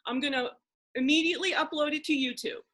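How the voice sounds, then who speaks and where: High, bright, animated woman host. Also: fast. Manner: animated, excitable, frequent restarts and asides. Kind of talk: casual video-call conversation.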